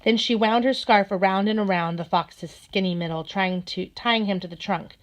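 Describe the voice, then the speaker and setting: A woman narrating a children's storybook in a gentle, steady manner. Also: mid-range voice, normal speed. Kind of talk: storybook read-aloud.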